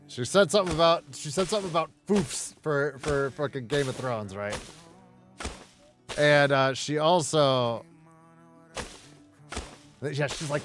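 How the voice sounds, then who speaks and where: A man's voice: medium pitch, normal speed, pauses often, a bit bright, faint music behind. A man streaming a game, rambling in casual chatter, swearing and laughing often.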